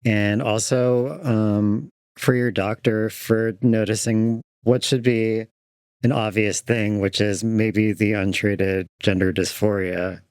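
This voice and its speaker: A man's voice: on the low side, no echo. A man co-hosting a podcast, chatting casually and reacting in a supportive, affirming way. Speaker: podcast co-host. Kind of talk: casual chat.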